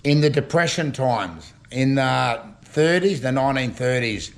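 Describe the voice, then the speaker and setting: A gravel-voiced older Australian bloke rambles through a yarn, full of slang and little chuckles. He talks at an everyday pitch, easy and unhurried, like he's chatting at home. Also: animated. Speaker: storytelling vlogger. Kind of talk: casual yarn-spinning.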